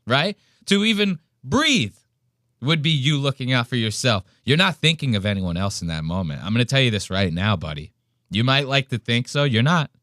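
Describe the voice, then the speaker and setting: A man's voice: medium pitch, very animated, moderate pace, sharp tone, dry recording, studio quality. A man hosting a podcast, ranting bluntly and profanely in casual commentary. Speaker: podcast host.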